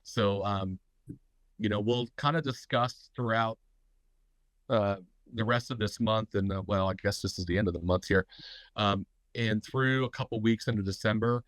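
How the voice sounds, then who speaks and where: Middle-aged male host, low and congested, rambling live talk, dry sound. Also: moderate pace, dry recording, rough recording. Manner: rambling, frequent fillers and restarts. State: stuffy, congested. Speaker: host of a tattoo business talk. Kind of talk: live online business talk.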